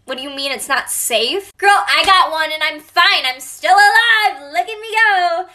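A woman plays a chatty teen girl who brags without a clue, pushing her plans on a new friend. The voice is high and bright. It is a comic sketch. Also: moderate pace. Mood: boastful. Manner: boastful, chatty, oblivious. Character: reckless bragging teen girl with tattoo. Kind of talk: comedy sketch acting.

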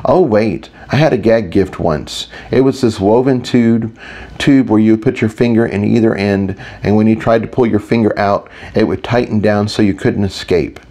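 A man voicing a confident, deadpan young woman mage in an audiobook. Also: lowish voice, normal speed, natural voice. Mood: calm. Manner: smooth, deadpan. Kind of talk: audiobook character voice.

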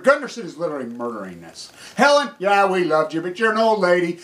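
A man in an angry, profane rant, swinging between yelling and low muttering. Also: big pitch swings, a little fast, few pauses. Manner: furious, profane, shouting, ranting. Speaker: anti-nuclear activist.

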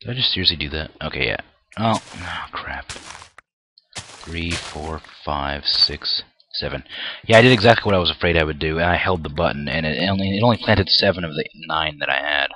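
A man's voice: a bass voice, fairly quick, pushed and bright, a little hiss or hum. A young man commenting on his own gameplay, often frustrated and ranting at the game with mild swearing. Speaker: gameplay video creator.

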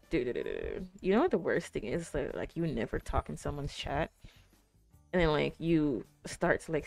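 A young woman streaming live, chatting casually with her viewers in a rambling way full of fillers. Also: on the low side. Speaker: Twitch streamer.

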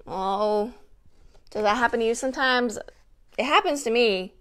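A high-voiced woman running a children's story time from home, close to her own mic and camera. She is playful and chatty, calling out wiggles and talking straight to the young listeners. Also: moderate pace, long pauses, fairly bright tone. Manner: upbeat, playful, chatty, addresses kids directly. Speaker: family educator hosting story time.

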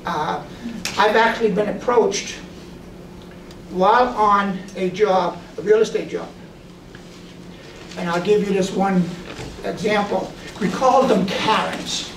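A man with a high voice speaks slowly as he casually relates stories about his drone photography, animatedly voicing the people he quotes. The sound is noisy and roomy, picked up from far off.

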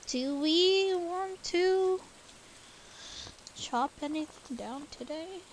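A young woman streaming a game, chatting to herself in casual commentary with sudden loud outbursts. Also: very high voice, drawn-out words, slight background noise.

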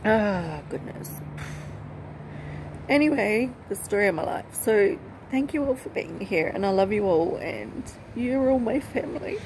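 A woman giving a personal vlog update, talking in an emotional, halting and rambling way. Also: medium pitch, animated, noisy background. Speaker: vlogger. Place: outdoors with passing aircraft.

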